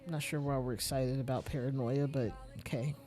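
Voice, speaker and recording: A game streamer murmuring wry, casual commentary while playing. The voice stays at a middle pitch, with faint game music underneath. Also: steady tone, fairly quick. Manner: quiet, wry, reads item names aloud.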